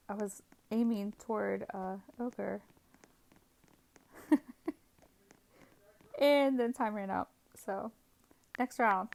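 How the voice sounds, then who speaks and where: A woman's voice: a little high, gravelly, slight background noise. A woman hosting a gaming channel, recapping her gameplay in a casual, rambling voice-over full of fillers and frequent giggles.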